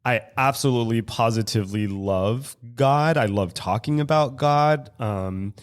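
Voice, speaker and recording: A man telling a personal story as guest co-host on a casual podcast, animated, laughing often and swearing. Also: mid-range voice, unhurried. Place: recovery club room in San Francisco.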